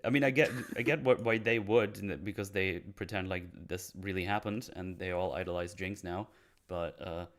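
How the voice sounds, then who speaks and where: A man with a fairly low voice hosts a casual podcast. He recaps scenes in a loose, rambling way. He swears freely and laughs often. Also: steady tone, moderate pace, few pauses. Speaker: podcast host. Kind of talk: casual episode breakdown chat.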